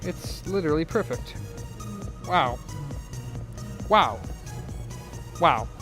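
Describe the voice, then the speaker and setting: A man's voice: on the high side, lively intonation, drawn-out words, music in the background. An American man streaming an electronics repair, chatting casually and rambling, with lots of "like" fillers. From United States. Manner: rambling, heavy use of "like" fillers. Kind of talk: casual live-stream chat while soldering.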